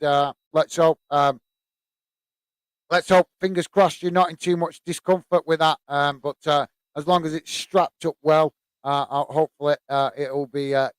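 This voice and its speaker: A British man hosting a live football watch-along, chatting in a friendly, halting way with many fillers while reading viewer messages. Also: a little high, no echo.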